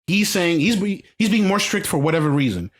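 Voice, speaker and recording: A man's voice: high-pitched, expressive, a little fast. A man co-hosting a casual podcast, talking emphatically, repeating himself and restarting sentences. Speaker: podcast co-host. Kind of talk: casual chat.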